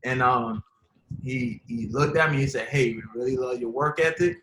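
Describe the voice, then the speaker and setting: A man speaks on a video call in a bright, forceful voice, informal and emphatic, repeating himself as he drives each point home. The room gives his voice a roomy echo, and faint noise sits underneath. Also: medium pitch, normal speed. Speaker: former pro football player and college coach speaking to high school athletes. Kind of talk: casual motivational storytelling.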